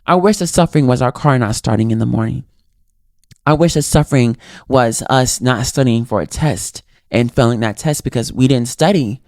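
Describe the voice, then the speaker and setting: A man's voice: mid-range voice, normal speed, a little mellow, dry recording. Guy talking to the mic on his own podcast, earnest and reflective, voice jumps up and down a lot, dry close sound. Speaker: podcast host. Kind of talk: solo motivational talk.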